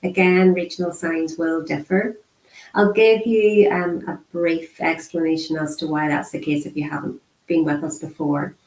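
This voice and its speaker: Woman, lowish voice, unhurried lesson delivery with repeated words, roomy echo. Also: fairly even intonation, a little mellow. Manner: slow and measured, repeating single words with pauses; frequent throat clearing and fillers. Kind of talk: interpreted beginner lesson, spoken aloud.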